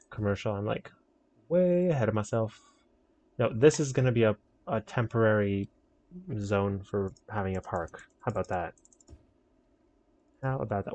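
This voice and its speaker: A man's voice: lowish voice, a little mellow. A young man giving casual, rambling commentary while building a city in a game, joking with himself and his viewers. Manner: rambling, self-mocking, talks to viewers. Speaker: streamer.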